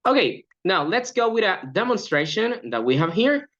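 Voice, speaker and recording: A man's voice: high voice, very animated, moderate pace, fairly bright tone, muffled recording. A man training language coaches in an upbeat lecture, acting out short classroom examples.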